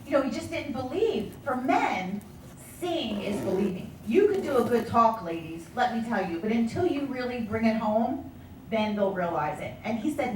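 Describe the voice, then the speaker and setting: Woman, high voice, motivational speaker, animated storytelling, echoey room, distant mic. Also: moderate pace, slight background noise. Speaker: sales director giving a talk. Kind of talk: motivational speech to an audience.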